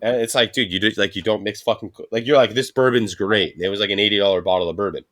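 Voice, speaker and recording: On a casual podcast, a male co-host with a lowish, fairly bright voice races through stories in a steady tone. He acts out what his coworkers said and swears often.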